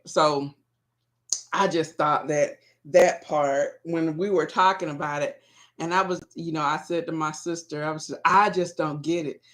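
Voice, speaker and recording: A woman's voice: deep voice, fairly even intonation, measured pace. A woman hosting her own vlog, chatting casually and rambling as she speaks directly to her viewers.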